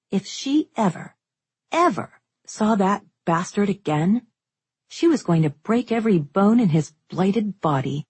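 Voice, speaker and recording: A woman narrating a fantasy novel as an audiobook, in steady, unhurried storytelling. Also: lowish voice, slightly rough, dry recording.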